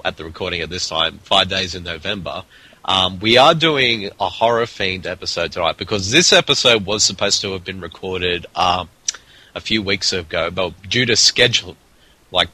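A man's voice: sits low, bright, forceful tone, husky, rough recording. A man with an Australian accent hosting a casual podcast, rambling with plenty of restarts and fillers. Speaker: podcast host.

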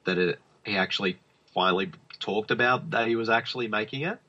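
A man with a fairly low pitch talks briskly in a pushed, bright voice as a podcast co-host. He rambles casually about movies, leaning on fillers and restarting often, and the podcast audio is dull and lo-fi.

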